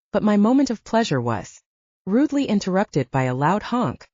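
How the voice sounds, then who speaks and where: A woman narrating a first-person audiobook in an expressive storytelling manner, close to the mic. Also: fairly low pitch, dry recording. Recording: slightly dull, dry recording.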